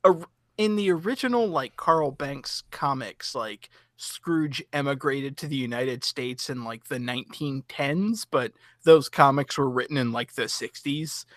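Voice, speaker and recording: A man's voice: medium pitch, unhurried, a bit bright, no echo, studio quality. A man co-hosting a podcast, chatting casually and explaining details with lots of fillers. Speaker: podcast co-host. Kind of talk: casual chat.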